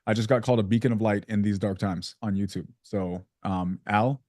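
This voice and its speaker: A man's voice: lowish voice, fairly even intonation, a little mellow, no room sound. Slangy joking man, dry sound. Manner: fast, slangy, joking, lots of fillers. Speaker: sales community host. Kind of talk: casual coaching chat on a video call.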